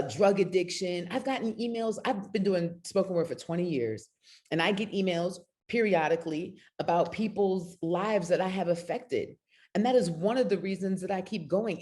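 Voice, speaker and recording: On a video call, a middle-aged woman who is a spoken word poet chats casually but earnestly, emotional and near tears. Her voice is mellow and lowish.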